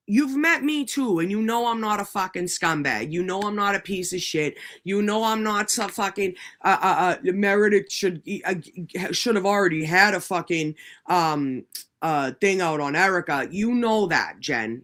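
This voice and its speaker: A woman hosting a casual livestream from home, ranting in an animated, profane way. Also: fairly low pitch. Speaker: livestream host.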